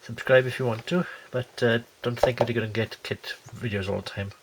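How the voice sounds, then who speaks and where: Here the man's pitch is medium and his tone steady as he talks at a brisk clip, with slight background noise behind him. He's a scale model kit reviewer giving casual unboxing commentary, rambling with lots of fillers and restarts while recovering from a cold that hasn't quite cleared.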